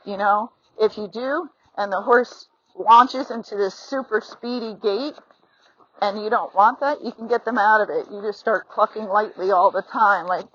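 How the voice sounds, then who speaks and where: A woman's voice: medium pitch, normal speed, a bit bright, no echo. A middle-aged woman giving a riding lesson outdoors while on horseback, chatty and encouraging, talking into a phone mic. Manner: chatty and encouraging, acts out horse and rider thoughts. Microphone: phone mounted on the rider. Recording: slightly dull lo-fi sound.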